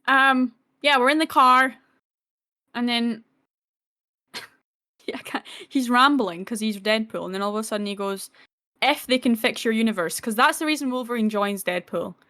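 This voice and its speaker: A woman's voice: on the high side, normal speed, long pauses, bright, forceful tone. A woman co-hosting a podcast, casually retelling film scenes with lots of swearing and acted-out quotes. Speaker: podcast co-host.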